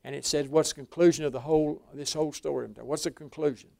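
A man's voice: a little high, steady tone, fast, gravelly, dark tone, no room sound, clean studio sound. An older man preaching a folksy sermon, telling rambling stories with frequent restarts.

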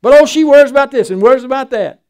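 An older man preaching a sermon, swinging from loud emphatic declarations to quiet, folksy storytelling. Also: extremely high pitch, racing, clear, resonant tone.

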